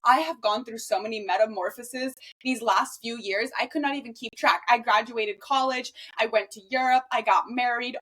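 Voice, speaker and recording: A woman in her twenties hosting a podcast, talking fast and swearing freely in a casual monologue. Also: a little high, a bit bright. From Los Angeles, US. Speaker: podcast host.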